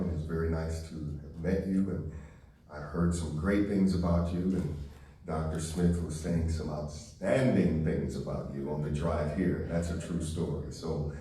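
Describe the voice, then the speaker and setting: A man from St. Louis giving a keynote speech to a live audience, telling stories in a warm, conversational way. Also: low voice, a little hiss or hum. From St. Louis, Missouri. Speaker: keynote speaker. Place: large hall with live audience. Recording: echoey hall, voice from a distance.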